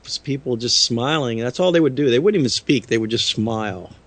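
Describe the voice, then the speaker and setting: A man's voice: medium pitch, a little fast, a bit bright. A middle-aged man, a music producer guest in a radio studio, rambling with lots of fillers and laughs. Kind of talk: casual radio interview.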